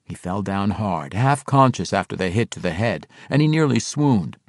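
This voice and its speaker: A man narrating a fantasy audiobook in an expressive, dramatic reading style. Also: lowish voice, moderate pace, dry recording, studio quality.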